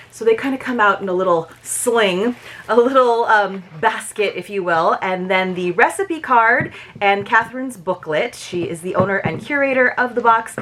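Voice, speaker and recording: A woman's voice: a little high, fairly bright tone, a little hiss or hum. A woman reviewing a subscription box in a casual, chatty unboxing, with many small asides.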